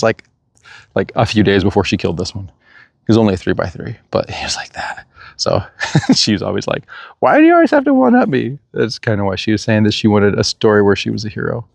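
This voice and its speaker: A man casually telling the story of a hunt, animated and laughing as he acts out what was said. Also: medium pitch, vocal fry, dry recording, clean studio sound.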